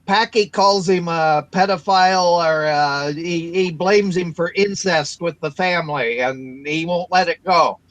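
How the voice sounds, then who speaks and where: High-voiced American man, halting talk. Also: a bit bright, rough recording. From Pacific coast of the United States. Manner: halting, repeats words, many fillers. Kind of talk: casual voice chat.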